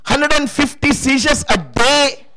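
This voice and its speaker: A man's voice: very high voice, a little slow, sharp tone, faint music behind, low-quality recording. A man preaching a sermon testimony, emphatic and calling out to the congregation for responses.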